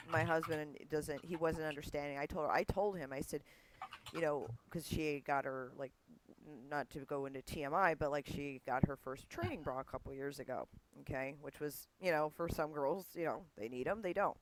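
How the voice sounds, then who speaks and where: A woman's voice: low-pitched, fairly bright tone, a little hiss or hum, rough recording. A woman hosting a podcast, chatting casually and telling family stories with acted-out dialogue. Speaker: podcast host. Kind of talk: casual conversation.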